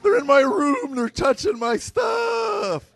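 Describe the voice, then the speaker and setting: A gangly teenage boy yells in a shrill, cracking squeal that jumps way up high, as a man puts him on. It is a dry, close recording. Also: very animated, slow pace, creaky, no echo, full character voice. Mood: whiny shouting. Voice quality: shrill, yelling.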